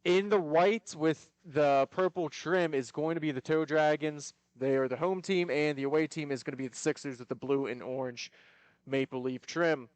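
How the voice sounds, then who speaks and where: Higher, smooth-voiced man calling hockey. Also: moderate pace, no echo. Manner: steady, explanatory, calls the action. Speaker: play-by-play commentator. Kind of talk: live hockey commentary. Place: ice arena broadcast.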